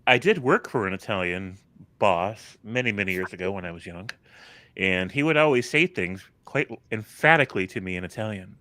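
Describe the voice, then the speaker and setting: A man co-hosting a casual chat show, telling a relaxed personal anecdote. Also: fairly low pitch, normal speed, dry recording. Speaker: podcast co-host.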